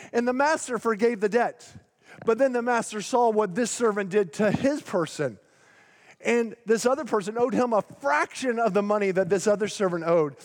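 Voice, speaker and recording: A male pastor preaching a sermon in a church, emphatic and slowing down to stretch out key words. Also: high voice. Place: church sanctuary. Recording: long hall reverb in a large sanctuary.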